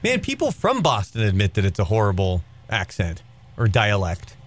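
A man's voice: lowish voice, huge pitch swings, normal speed. Rambling male co-host. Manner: rambling, with many fillers and restarts. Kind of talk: casual chat.

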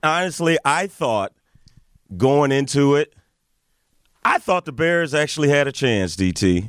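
A man's voice: on the high side, animated, fairly bright tone, smooth, no echo. Easygoing man radio co-host, dry sound. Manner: easygoing, measured, with frequent filler words. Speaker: radio morning show co-host. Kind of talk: casual radio chat.

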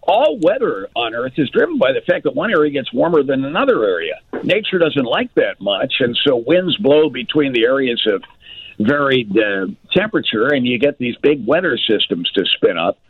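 A man talking weather on a phone-in, explaining things with lively rising and falling pitch. His voice is a bit husky and comes through a dry, tinny phone line. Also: normal speed. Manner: animated, explanatory, enthusiastic about weather. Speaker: meteorologist guest. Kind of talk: casual radio phone chat.

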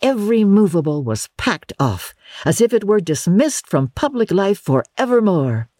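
An audiobook narrator giving a measured, expressive storybook reading in a dry studio booth. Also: medium pitch, dry recording.

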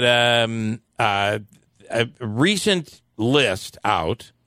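Chatty radio host guy, bright forceful voice, dry close sound. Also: mid-range voice, no room sound. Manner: relaxed, chatty, many fillers. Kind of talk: casual chat and news items.

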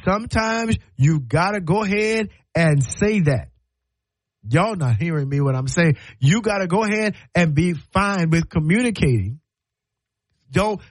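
A man's voice: a little high, no room sound, rough recording. A man hosting a radio talk show, giving an emphatic, preachy monologue that often repeats words and acts out imagined conversations.

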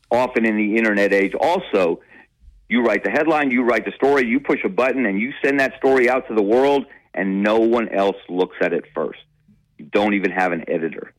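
A man's voice: fairly low pitch, no echo, rough recording. Earnest man giving radio commentary. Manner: earnest, emphatic, repeats himself when stressing a point. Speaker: columnist and radio guest.

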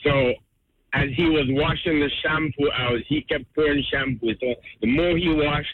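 Friendly trucker calling in on the phone. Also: male voice, on the high side, normal speed, slight background noise. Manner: friendly, laughs as he tells it. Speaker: caller. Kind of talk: phoned-in storytelling. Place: truck cab on the road. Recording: tinny phone line from a truck.

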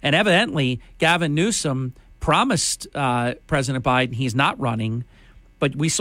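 A man's voice: a little high, a bit bright, no room sound. A man hosting a talk radio show, combative and scornful, with emphatic delivery into a studio microphone.

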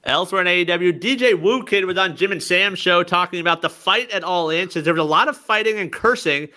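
A man hosting a wrestling podcast in casual chat, reading news items with lively, sarcastic remarks. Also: sits high, a little fast.

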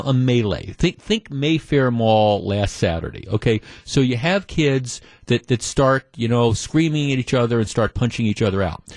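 A middle-aged man hosting talk radio in a loose, sardonic monologue full of restarts. His voice sits at a medium pitch. The studio mic sound is dry and close. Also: a little mellow, no room sound. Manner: conversational and sardonic, with frequent restarts.

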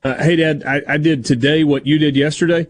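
Easygoing sports radio host. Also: male voice, fairly high pitch, fairly even intonation, a little fast. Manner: easygoing, reads sponsor plugs smoothly. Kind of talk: casual sports radio chat.

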